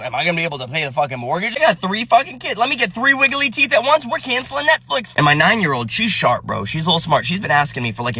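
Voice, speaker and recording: A man in his thirties rants through comic stories about parenting, swearing constantly and slipping into his kids' voices. His voice is bright and edgy with a husky grain, and he talks at a lively everyday pitch. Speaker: comedian and parent. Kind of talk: profane comedic storytelling.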